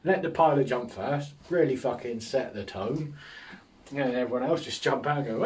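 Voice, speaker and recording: A man's voice: mid-range voice, a little fast, darkish tone, recorded from a distance, a little hiss or hum. A man hosting a casual solo podcast, rambling through jokes with a self-mocking humour and frequent chuckles. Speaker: podcast host.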